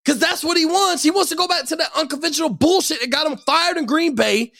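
A young man rants about sports in a heated, profane way, hammering his points. His voice sits very high and crackles with gravelly fry. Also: fast talker, pushed and bright. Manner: angry, profane, emphatic ranting. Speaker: sports commentator.

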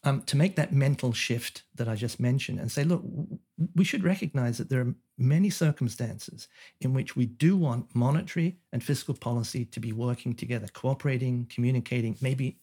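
A man's voice: medium pitch, fairly quick, dark tone, breathy edge. A man, an economist guest on a podcast, explaining his ideas in a thoughtful way with frequent fillers and restarts. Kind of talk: conversational interview.

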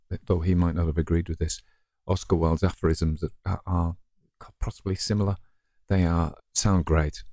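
A man with a Northern English accent hosts and reads for his own story podcast, chatting casually with listeners and poking fun at himself. His voice is low-pitched and dark, recorded cleanly in a studio with no echo.

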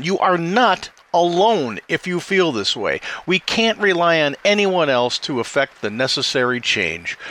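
Quick, animated man commenting on politics. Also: fairly high pitch. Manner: rhetorical questions, quick delivery.

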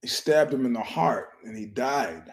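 A man's voice: medium pitch, animated, normal speed. Rambling, foul-mouthed male podcast host. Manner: profane, meandering storyteller with frequent restarts; keeps his voice down so he won't disturb a filming nearby. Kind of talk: casual rambling monologue.

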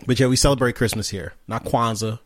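A man's voice: medium pitch, quick pace. A man hosting a podcast who stumbles over his words with many fillers, delivering wry jokes and a holiday sign-off. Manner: hesitant, filler-heavy, wry. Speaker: podcast host. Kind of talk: casual podcast banter and sign-off.

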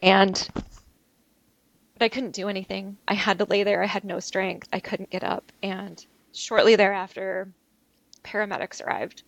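A woman telling an interview host about a violent attack she survived, talking haltingly with many restarts. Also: mid-range voice, flat delivery, vocal fry, slight background noise. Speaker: interview guest. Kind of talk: recounting a personal ordeal. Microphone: video call.

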